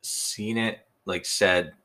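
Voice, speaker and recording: Foul-mouthed tipsy man, low and forceful. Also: steady tone, drawn-out words. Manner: swears constantly, blunt and argumentative. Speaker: podcast co-host. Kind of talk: casual chat.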